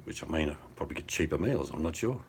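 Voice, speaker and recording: Deep older Australian bloke chatting. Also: male voice, expressive, fast talker, darkish tone, slight background noise. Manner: laid-back, rambling, blokey banter. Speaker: hangout participant. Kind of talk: casual chat. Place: at home by a fireplace. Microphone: video call on a phone over mobile data.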